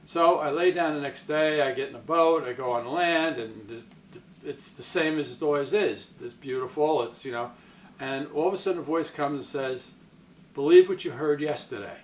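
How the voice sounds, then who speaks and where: A man's voice: fairly high pitch, moderate pace, distant mic. A man talks casually to the camera, rambling and circling back on himself as he tells a story. He sits back from the mic in an echoey room with a faint hum behind him. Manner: rambling, self-interrupting, retells quotes in other voices. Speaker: psychic medium vlogger.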